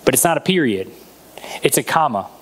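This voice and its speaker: A man's voice: medium pitch, animated, brisk, fairly bright tone. A man preaching a sermon as a pastor, retelling a Bible story and acting out the voices in it.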